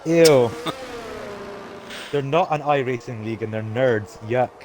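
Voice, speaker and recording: A man's voice: mid-range voice, expressive, takes it slowly, background noise. A man commentating a live sim race, calling positions and reading chat aloud. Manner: play-by-play calls, reads out chat.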